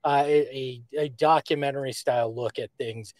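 A man hosting a sports podcast in a loose, relaxed way, dropping "uh" between phrases as he promotes another show. His voice sits at an ordinary middle pitch. The sound is dry and close, with no room around it. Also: moderate pace, dry recording. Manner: relaxed, many "uh" fillers, plugging a show. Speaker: podcast host. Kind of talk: casual podcast talk.

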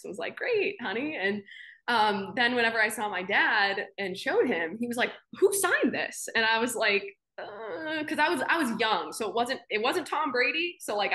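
A young woman who works as a sports anchor appears as an interview guest, chatting casually and telling anecdotes. Her mid-range voice sounds pushed and bright, and she laughs often and uses plenty of fillers.

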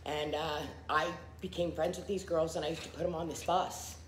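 A woman's voice: sits low, little pitch movement, moderate pace, reverberant, slight background noise. A middle-aged woman giving a candid personal recovery testimony, full of fillers and acted-out quotes. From Philadelphia area. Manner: candid, frequent fillers, acts out quoted people.

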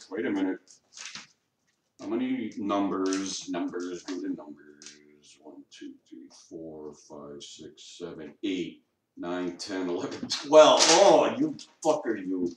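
A man's voice: fairly low pitch, expressive, slow, recorded from a distance. A man rambling and swearing to himself at home, grumbling and talking to his dog. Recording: echoey room, off-mic, faint noise.

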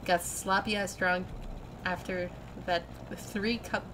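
A drunk, sloppy young cat girl, put on by a woman reading a game. She drags her words out very slowly, slurring and rambling as she pleads and apologizes. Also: fairly low pitch, fairly even intonation, noisy background. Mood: drunk pleading.

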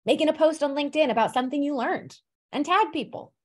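A woman's voice: high voice, fast talker. A woman career coach talking casually to a live online group, chatty and upbeat, with lots of fillers.

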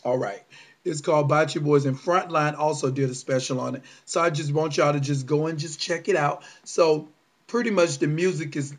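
A man's voice: a little high, fairly even intonation, moderate pace. A man, ranting to viewers in a casual vlog, agitated and indignant, swearing and calling them y'all. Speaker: vlogger.

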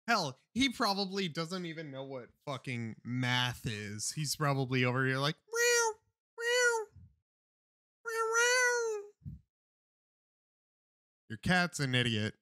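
A man's voice: fairly high pitch, sharp tone, dry recording, clean studio sound. Profane, mock-furious ranting young man. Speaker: streamer. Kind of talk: comic ranting stream.

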